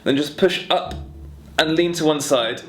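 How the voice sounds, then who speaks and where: A young man teaching a singing warm-up lesson in a relaxed, friendly, chatty way, talking through stretches and vocal exercises. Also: fairly high pitch, a little slow, soft background music. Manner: relaxed, friendly and chatty, demonstrating hums and sung syllables. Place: home music room with guitars on the walls.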